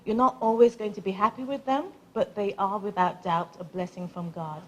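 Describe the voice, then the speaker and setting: Woman, middle pitch, earnest religious wedding speech, blessing the couple at a reception. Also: fairly even intonation, normal speed, darkish tone, poor audio. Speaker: family member giving a wedding blessing.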